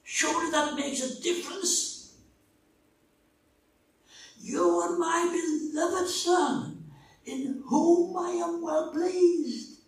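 A man's voice: very high-pitched, voice pushed up. A man voicing God, loving and emphatic. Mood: tender, urging. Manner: raised, slow and emphatic. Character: God, a loving fatherly voice speaking. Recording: echoey hall, speaker far from mic.

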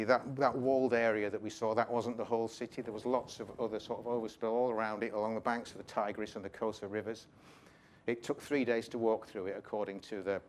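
Guy retelling a bible story at church, laid back and jokey, deep-ish voice. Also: slight background noise. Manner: chatty, jokey, with asides and fillers. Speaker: preacher.

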